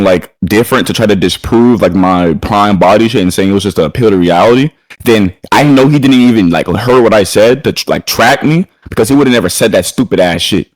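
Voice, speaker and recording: A man arguing in a heated online voice-chat debate. He rants loudly and aggressively, swearing constantly. He talks in a fast torrent, and his voice sounds close and dry with no room in it. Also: on the low side, no echo, rough recording. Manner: loud, profane, aggressive ranting.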